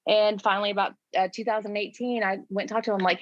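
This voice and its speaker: A woman's voice: medium pitch, fast, no room sound. A woman in her forties from Florida, candidly telling her story in a casual interview and acting out what she and others said. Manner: candid, conversational, quotes herself in lively voices. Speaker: guest. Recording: dull lo-fi sound, dry.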